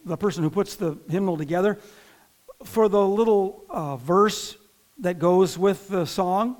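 Delivering a sermon to his congregation, a northern Indiana pastor with a high, slightly mellow voice keeps things conversational, with frequent restarts and side comments to those listening.

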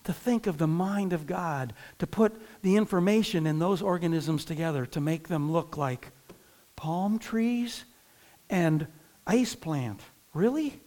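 A man with a high voice preaches a sermon in a chatty, informal way, with restarts and asides to his listeners. He is from northern Indiana and pastors his congregation. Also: unhurried, dark tone.

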